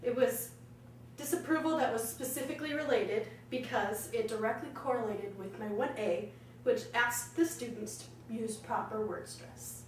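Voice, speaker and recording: A woman from Arizona, playing a choir director, gives loud scolding commands and then analyses her own teaching. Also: fairly high pitch, normal speed. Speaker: music education student playing a choir director. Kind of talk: role-played choir rehearsal with analysis. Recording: echoey room, voice from far off, faint hum.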